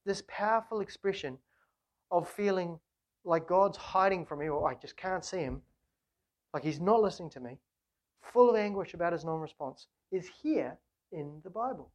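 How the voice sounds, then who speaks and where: A woman's voice: lowish voice, expressive, normal speed, a little mellow. A woman preaching a sermon, speaking earnestly with rhetorical questions and emphatic repetition. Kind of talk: sermon on a psalm.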